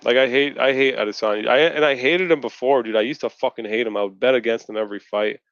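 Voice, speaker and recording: A man's voice: mid-range voice, fast talker, a bit bright, clean tone, dry recording, highs cut off. A man on a casual video-call chat, ranting and swearing in frustration. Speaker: podcast co-host. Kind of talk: casual post-fight chat.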